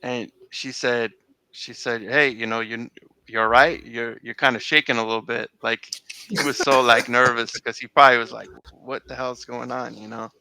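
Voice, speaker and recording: A man's voice: mid-range voice, steady tone, moderate pace, bright, forceful tone, a little hiss or hum, poor audio. A middle-aged man recalling old times in a casual interview, rambling with many fillers and restarts. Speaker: interview guest.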